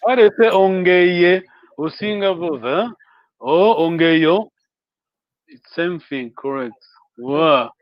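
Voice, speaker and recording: A man teaching a language class online, encouraging students and repeating words slowly so they can copy them. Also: a little high, sing-song, dry recording, muffled recording.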